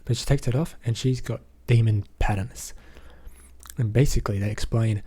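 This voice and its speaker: A man's voice: mid-range voice, normal speed, warm tone, slightly rough. An Australian man recapping a movie in a rambling, casual way, often filling gaps with "basically" and "um". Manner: rambling, leans on fillers like "basically" and "um". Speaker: movie reviewer.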